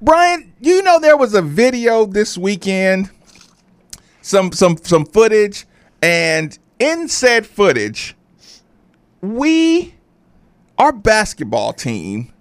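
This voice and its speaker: A man with a high, lively voice rants and tells stories as a sports radio co-host, swinging his pitch up and down as he talks. The sound is close and dry. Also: slow, pauses often, clear, resonant tone, no room sound. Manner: animated, ranting storyteller. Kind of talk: casual sports radio banter.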